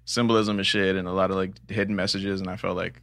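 A young man chats with friends on a podcast in quick, profane slang. His low voice has a gravelly edge and a bright, forceful tone. He rattles through his thoughts at a fast clip, recorded dry. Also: flat delivery, no room sound. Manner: quick, slangy and profane, enthusiastic about details. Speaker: podcast co-host. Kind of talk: casual chat among friends.

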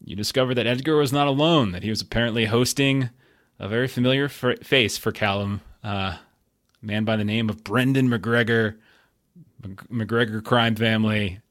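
A man's voice: on the low side, moderate pace, a bit bright. A man narrating a tabletop game as game master, in a loose, rambling way with many fillers.

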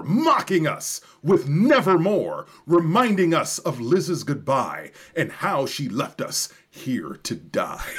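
A man reciting a gothic poem in a theatrical, mournful voice pitched high above his own. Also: breathy edge, full character voice.

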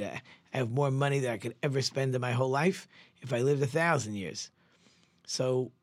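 Male rabbi, husky voice, dry close sound, animated sermon storyteller. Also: mid-range voice, no room sound. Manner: animated storyteller acting out characters' lines.

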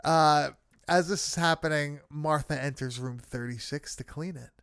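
Man, casual film recap, loose and sweary, smooth clear voice, dry close sound. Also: fairly high pitch, moderate pace, fairly bright tone, dry recording. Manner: loose, swearing, many fillers.

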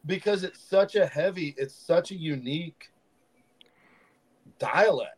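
A man's voice: fairly high pitch, measured pace, breathy edge. A man in a podcast studio spins yarns about backcountry fishing, slipping into the voices of the people he meets along the way. His tone is casual and his talk rambles like easy chat. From Southern United States. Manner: animated storyteller who acts out quoted locals. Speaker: fishing guide.

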